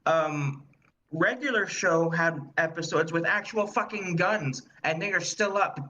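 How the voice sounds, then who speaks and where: A man's voice: on the high side, unhurried, pushed and bright, highs cut off, a little hiss or hum. A man co-hosting a podcast in casual chat, laid-back and profane, chiming in with quips. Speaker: podcast co-host.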